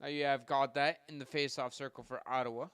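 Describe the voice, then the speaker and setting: A man giving live hockey play-by-play from home, rattling off passes and shots and getting louder on goals, with casual asides to his listeners. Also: medium pitch, fairly even intonation, fast talker, clear, resonant tone, no echo. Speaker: podcast host doing live play-by-play.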